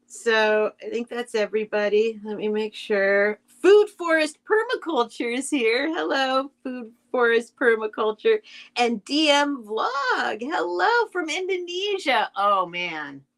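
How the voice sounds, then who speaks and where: A woman's voice: medium pitch, a bit bright. A woman hosting a casual live stream, reading a children's book aloud and chatting with her viewers in a rambling, sentimental way. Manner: sentimental, gets emotional over the text.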